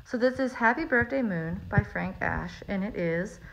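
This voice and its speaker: A teacher reading a picture book aloud to young children, talking in a friendly way with frequent ums. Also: female voice, medium pitch, lively intonation, normal speed, creaky, a bit bright. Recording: slightly muffled recording with faint hiss.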